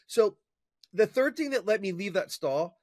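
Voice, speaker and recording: A man as an interview guest, telling a personal story in an energetic, chatty way with fillers and restarts. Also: high-pitched, unhurried, no echo, studio quality. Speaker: interview guest, professional speaker. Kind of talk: casual storytelling in conversation.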